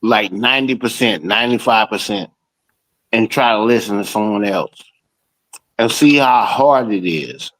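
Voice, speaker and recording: A man in a casual podcast chat, talking while he eats, animated and full of swearing. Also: lowish voice, measured pace, rough recording. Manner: profane, animated, talks while eating. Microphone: streaming call.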